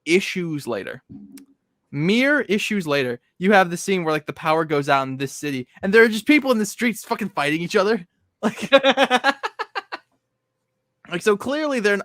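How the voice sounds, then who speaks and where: A man's voice: on the high side, fairly bright tone, no room sound, clean studio sound. A man hosting a casual comic review chat, rambling with many fillers and laughing often. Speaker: podcast host.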